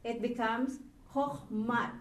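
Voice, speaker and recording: Woman teaching a class, slow and patient, slightly high voice, roomy classroom from a distance, faint noise. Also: steady tone. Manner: patient, asks the class questions. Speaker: Hebrew teacher. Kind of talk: classroom lesson.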